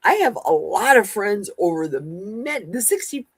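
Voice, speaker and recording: A woman's voice: medium pitch, very animated, unhurried, slightly rough, no room sound. A woman in her sixties hosting a live stream, chatting casually and sassily as she reads and answers viewers' comments. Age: 60s. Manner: chatty, sassy, talks back to viewers' comments. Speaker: livestream host.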